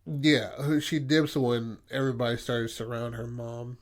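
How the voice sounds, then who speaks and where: A man's voice: mid-range voice, level tone, moderate pace. Rambling, swearing male podcast host. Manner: rambling, profane, filler-heavy. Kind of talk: casual brainstorming chat.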